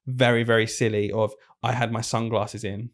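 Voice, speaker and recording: Male teacher, casual podcast co-host, animated storyteller. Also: lowish voice. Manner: chatty, animated storytelling with quick self-corrections.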